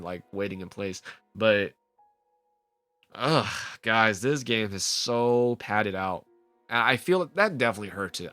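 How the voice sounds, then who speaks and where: A man's voice: mid-range voice, no room sound. A man giving casual, rambling commentary on a video game he is playing, full of fillers. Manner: rambling, animated, frequent "like" fillers. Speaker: let's play host.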